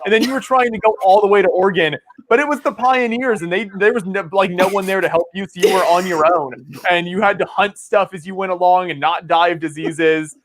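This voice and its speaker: A man's voice: sits high, brisk, fairly bright tone. A man with a Midwestern American accent, co-hosting a casual chat over a video call, enthusiastic and teasing. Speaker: co-host. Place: home.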